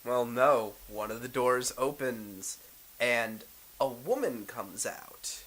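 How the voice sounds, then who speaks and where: A man running a tabletop role-playing game as game master, narrating in a relaxed way. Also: mid-range voice, takes it slowly, low-quality recording. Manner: relaxed, thinking aloud with fillers.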